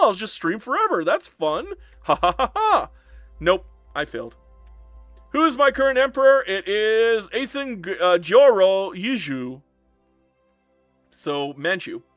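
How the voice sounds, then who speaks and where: Man, game streamer, lively up-and-down voice, a little emotional, dry close sound. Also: fairly high pitch, no echo. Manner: animated, talks straight to chat, swings from joking to earnest. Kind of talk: casual live-stream commentary.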